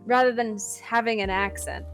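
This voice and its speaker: A young woman chatting as a podcast guest, telling stories in a lively way with many fillers. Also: a little high, moderate pace, soft background music. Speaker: guest content creator. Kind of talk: casual podcast chat.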